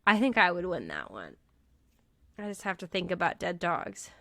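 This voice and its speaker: A woman's voice: on the low side, huge pitch swings, normal speed, sharp tone, dry recording. A woman co-hosting a podcast in casual chat, wry and teasing. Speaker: podcast co-host.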